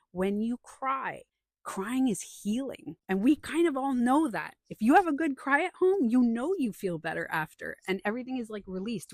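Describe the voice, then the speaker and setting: A woman's voice: medium pitch, dry recording, clean studio sound. A woman talking casually about feelings, telling stories and acting out what people said. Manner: animated storytelling, acts out quotes. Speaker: podcast host. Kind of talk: casual opinion talk.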